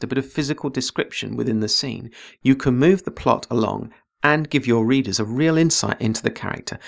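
A man hosts a writing lesson podcast, walking listeners through character craft at a measured pace. His voice has a gravelly, creaky texture at an average pitch. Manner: measured, explanatory. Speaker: podcast host and writing teacher. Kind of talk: instructional podcast.

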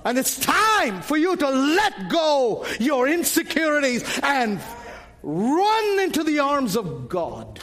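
A man's voice: very high-pitched, huge pitch swings, slow, fairly bright tone. A man preaching a sermon with fervor, calling out questions and waiting for the congregation to answer. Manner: impassioned, calls out to the congregation.

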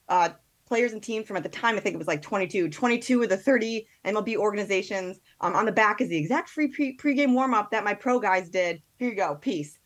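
A woman, a podcast guest, chatting casually and telling a story with quick asides and quoted thoughts. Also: mid-range voice, a bit bright. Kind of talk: casual chat.

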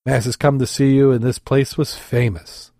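A man's voice: medium pitch, fairly even intonation, moderate pace, warm tone, no echo, studio quality, natural voice. A man voicing a matey, wheedling male pub barman in a told joke. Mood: eager.

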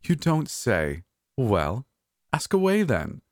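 A man voicing an elderly female Hollywood diva with a high-pitched, hoarse voice, sweet and dramatic in a storytelling podcast. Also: huge pitch swings, slow, no room sound, studio quality. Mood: theatrical. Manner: dramatic, sighing, sweetly condescending.

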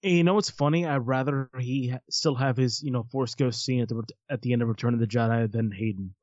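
A man co-hosting a casual movie watch-along, animated and swearing casually, quick to laugh. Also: medium pitch, dry recording, dull audio. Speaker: podcast co-host.

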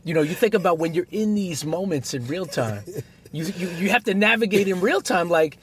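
A man co-hosting a casual podcast conversation, an animated storyteller who acts out the people he quotes. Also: sits high, a little fast. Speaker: podcast co-host, basketball referee.

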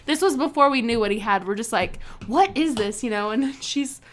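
A woman's voice: on the high side, fairly quick, a bit bright. Chatty woman podcast co-host. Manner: chatty, rambling storyteller with many fillers. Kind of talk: casual chat.

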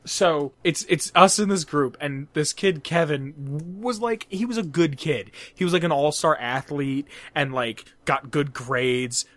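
A man's voice: fairly high pitch, unhurried, hardly any pauses, a bit bright. Rambling, cursing young man telling a story. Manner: rambling, profane, laughs at his own jokes. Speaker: podcast co-host. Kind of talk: casual storytelling chat.

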